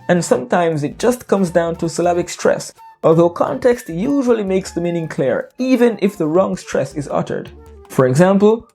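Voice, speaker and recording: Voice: medium pitch, lively intonation, normal speed, vocal fry, warm tone, slightly rough, faint music behind. An English teacher giving an educational narration, explaining playfully with jokes and wordplay.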